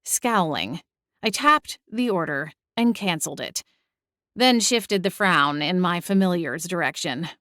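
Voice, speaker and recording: A young adult woman narrating a first-person audiobook, expressive and exasperated in the dialogue. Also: fairly low pitch, measured pace, no room sound, studio quality.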